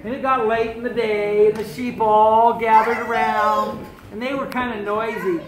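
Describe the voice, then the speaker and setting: Woman storyteller, performing in character, playful and animated, live audience audible. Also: fairly high pitch, moderate pace, a crowd in the background. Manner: animated, playful, with voiced-out dialogue. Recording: echoey room with a live audience.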